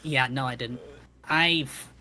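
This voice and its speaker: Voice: mid-range voice, slow, bright, forceful tone. A player in a tabletop game, speaking casually in character.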